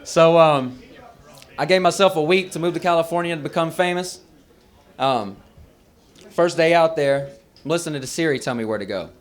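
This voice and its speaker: Male stand-up comic, brash and profane, slightly high voice, live bar set. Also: normal speed, pauses often. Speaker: stand-up comedian. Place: bar stage at an open mic.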